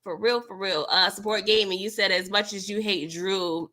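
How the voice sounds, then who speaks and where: Animated, bright-voiced woman recapping a show. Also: mid-range voice, normal speed. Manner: animated, slangy, acts out characters' lines. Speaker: TV recap host. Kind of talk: casual livestream recap chat.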